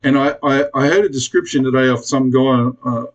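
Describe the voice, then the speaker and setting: A man's voice: medium pitch, fairly quick, muffled recording. An Australian man ranting bluntly to camera in a casual vlog, swearing freely and pleading with his viewers. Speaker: prepper vlogger.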